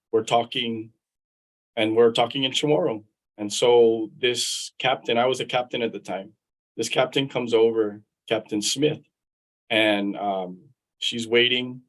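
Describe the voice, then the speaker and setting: A man's voice: mid-range voice, fairly bright tone, rough recording. Man telling stories in a live interview. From Guam. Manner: conversational, repeats words while thinking. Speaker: guest, attorney and veteran.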